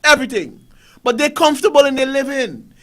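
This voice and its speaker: A man's voice: very high-pitched, lively intonation, fairly quick, fairly bright tone. A man with a Caribbean English accent, hosting a talk show and ranting about politics with repeated rhetorical questions. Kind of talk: fiery political commentary.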